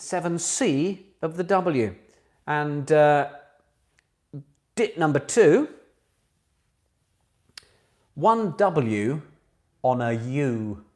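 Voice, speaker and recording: A man's voice: a little high, animated, drawn-out words, long pauses, a little mellow. A man hosting a casual online pub quiz from home, chatty and self-mocking, with jokey asides between questions.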